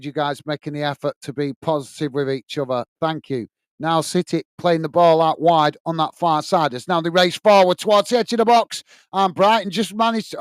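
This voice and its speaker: In a fairly high, smooth voice, a chatty middle-aged man hosts a football watch-along, calling the play and reading out viewer messages. The sound is dry and close, with no room sound.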